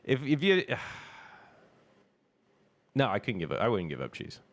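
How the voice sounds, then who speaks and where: A man's voice: medium pitch, wildly swooping pitch, unhurried. A man co-hosting a podcast, chatting casually and rambling through a story he retells with laughs. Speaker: podcast co-host. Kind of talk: casual chat.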